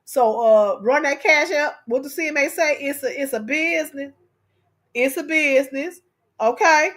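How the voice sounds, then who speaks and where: A woman hosts a casual livestream, speaking straight to her viewers. Her voice sits high, and she keeps it lively and playful, laughing as she goes. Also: normal speed. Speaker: live stream host.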